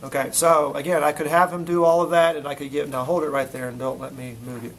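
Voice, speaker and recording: A man's voice: on the high side, flat delivery, quick pace, slight background noise, poor audio. Man teaching a hands-on anatomy class. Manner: questioning students, demonstrating on a volunteer. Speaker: physical therapy instructor. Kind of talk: classroom demonstration lecture.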